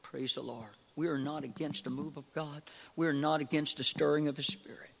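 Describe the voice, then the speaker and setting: A man preaching a Pentecostal sermon from the pulpit, repeating short call-outs to the congregation and swinging between soft talk and fervent preaching. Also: on the high side, steady tone, brisk, creaky, in a large hall. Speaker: pastor. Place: church sanctuary.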